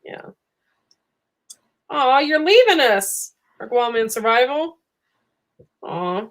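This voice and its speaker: A woman's voice: a little high, expressive, slow pace, a bit bright. Woman co-host chiming in casually. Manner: chimes in with short reactions. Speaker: livestream co-host. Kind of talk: casual chat.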